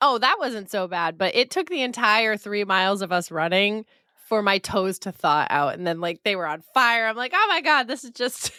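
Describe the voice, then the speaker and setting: A woman's voice: medium pitch, moderate pace, clean tone, no room sound, studio quality. Giggly woman co-host, a bit nasal. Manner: giggly, animated, laughs often. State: nasal from a head cold. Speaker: podcast co-host. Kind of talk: casual chat.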